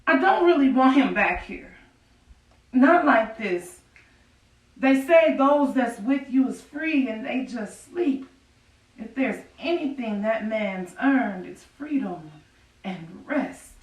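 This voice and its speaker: An actress voicing an enslaved widow from the old South pours her heart out to God in a stage monologue, earthy and defiant, with a slow, drawn-out delivery and a raised pitch. The sound is distant and echoey, as if taken from far off at an outdoor stage. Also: animated, highs cut off. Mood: bitter anger. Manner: folksy, confiding, breaks into rueful laughter. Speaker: stage actor in a historical monologue. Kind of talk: theatrical monologue, prayer to God. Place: outdoor performance on a farm.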